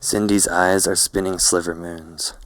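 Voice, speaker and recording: A man reads a first-person novel aloud in a slow, hazy, poetic way. His voice is deep and flat. The recording is dry and close. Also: dry recording, poor audio. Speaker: narrator. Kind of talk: literary first-person narration.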